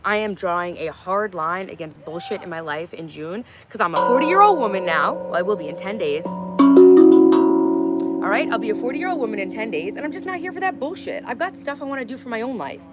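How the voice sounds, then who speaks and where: Over loud music, a woman in her thirties hosts a casual livestream from her garden, bluntly chatting with viewers, reading out their comments and cursing freely. Her mid-range voice is animated and moderately paced.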